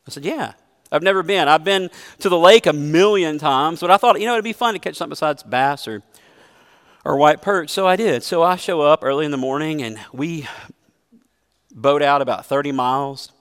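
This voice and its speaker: A man's voice: on the high side, fairly quick, a bit bright, clear, resonant tone, in a large hall. A man preaching a sermon as a pastor, earnest and emphatic, mixing scripture with a personal story.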